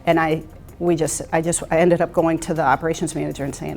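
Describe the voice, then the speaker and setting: A woman's voice: sits low, little pitch movement, quick pace, creaky. A middle-aged woman telling her career stories in an interview, candid and reflective, often restarting her sentences. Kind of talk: interview storytelling. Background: soft music.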